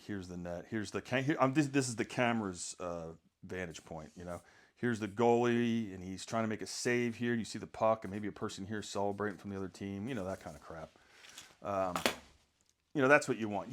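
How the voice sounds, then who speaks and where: A middle-aged man rambling casually through a photography gear vlog, joking at his own expense and often clearing his throat. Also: fairly low pitch. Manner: rambling, self-mocking, frequent throat clearing. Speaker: sports photographer.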